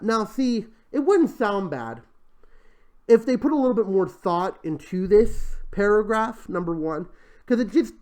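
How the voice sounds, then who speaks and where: A young male host with a fairly high voice that leaps all over the place. He rants in a casual, sarcastic, exasperated way, sighing and stumbling over restarts as he tears into what he is reading. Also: darkish tone. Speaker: show host. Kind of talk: commentary on crowdfunding pitches.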